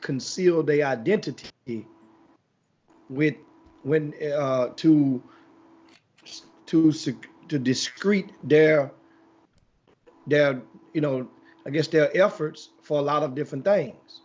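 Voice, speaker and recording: A man's voice: a little high, slow pace, pauses often, a little mellow, dull audio. A man hosting a casual sports talk show, telling a long rambling story with many restarts.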